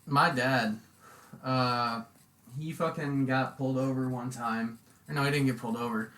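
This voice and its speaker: A young man telling a rambling, profane story on a casual podcast, acting out quotes loudly. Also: medium pitch, steady tone, moderate pace. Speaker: podcast host.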